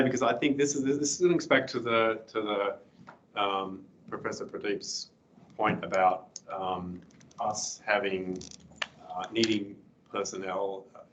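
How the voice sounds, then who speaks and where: A middle-aged man giving a guest lecture with slides, hoarse and clearing his throat, speaking haltingly with many fillers and restarts. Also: fairly low pitch, a bit bright, poor audio.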